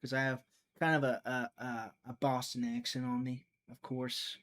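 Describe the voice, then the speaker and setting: A man's voice: medium pitch, little pitch movement, normal speed, fairly bright tone. A man from Mississippi, hosting a casual livestream and thinking aloud in a rambling, sarcastic way. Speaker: livestream host making fight picks.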